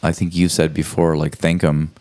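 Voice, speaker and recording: A woman co-hosting a podcast, relaxed and agreeable, talking in a rambling, halting way. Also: a bass voice. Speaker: podcast co-host. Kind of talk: casual reflective chat.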